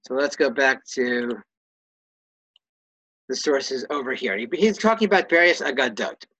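A man's voice: medium pitch, lively intonation, a little slow, fairly bright tone, no room sound, rough recording. A man leading a Torah study class, reading Hebrew and Aramaic phrases aloud and translating each one in a casual, self-correcting way. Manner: reads Hebrew and Aramaic phrases, then translates them plainly. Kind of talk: text-study lesson.

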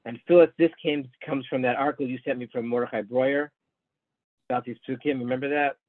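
A man's voice: medium pitch, fairly even intonation, fairly quick, no echo. Man teaching over a tinny phone-like line. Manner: patient explaining, many restarts, addresses students by name. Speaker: class teacher. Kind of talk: online study class, explaining Hebrew texts. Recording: narrow phone-like sound, dry.

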